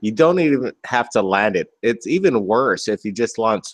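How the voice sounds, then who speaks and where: Low-voiced man explaining, rambling. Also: animated, moderate pace, no echo. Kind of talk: casual chat.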